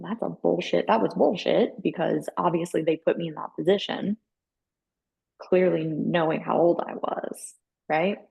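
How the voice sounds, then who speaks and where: A woman's voice: lowish voice, vocal fry, darkish tone, breathy edge. A woman co-hosting a podcast in casual chat, candid and swearing freely as she tells stories with acted-out dialogue. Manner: storytelling, acts out quoted dialogue. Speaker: podcast co-host.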